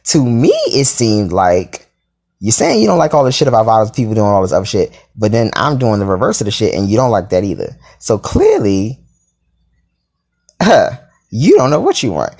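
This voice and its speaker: A man telling a story in a casual, sassy and profane way, with dramatic asides and sudden jumps into a high voice. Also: wildly swooping pitch, normal speed, darkish tone.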